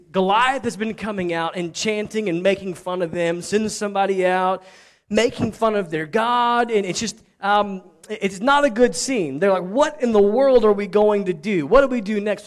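A man preaching a sermon as pastor, telling a scripture story in a conversational way with joking asides to the congregation. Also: high voice. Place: church sanctuary.

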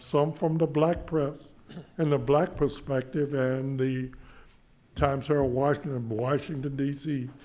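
Slow, halting older man. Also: medium pitch, mellow. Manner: slow, halting, with repeated words and pauses. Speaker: panelist. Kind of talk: panel discussion. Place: public library meeting room.

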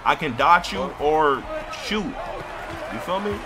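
A man's voice: fairly high pitch, animated, measured pace, a crowd in the background. A man in live game voice chat, trash-talking and bossing his teammates around. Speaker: gamer streamer.

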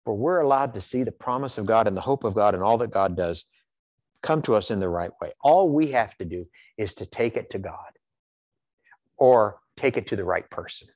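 Animated folksy preacher, man. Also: on the low side, normal speed, dry recording. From Iowa, USA. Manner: folksy storytelling, animated, repeats words. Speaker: pastor. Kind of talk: sermon with personal stories. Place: church sanctuary.

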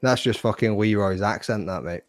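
A man hosts a casual watch-along, full of sweary, teasing banter. His voice sits low, and the sound is dry and close with almost no room. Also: moderate pace, no room sound. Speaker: podcast host.

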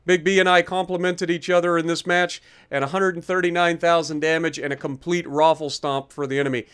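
A man's voice: fairly high pitch, little pitch movement, brisk, fairly bright tone, clean tone. A tired man in casual gameplay commentary, explaining his moves and joking about his mistakes as he plays. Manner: casual, self-deprecating, explanatory. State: tired, yawning. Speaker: gaming YouTuber.

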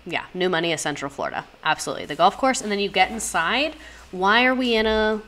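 A young woman hosting a casual livestream, reacting to house listings with animated gasps, swearing and constant asides to her chat. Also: medium pitch, fast. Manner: animated, gasping, profane, talks to chat directly. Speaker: livestream host.

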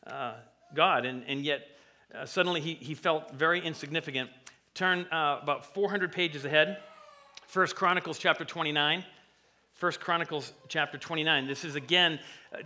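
Male pastor, bright and forceful tone, slightly high, animated conversational sermon. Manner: animated, conversational, acts out voices from stories. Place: church sanctuary.

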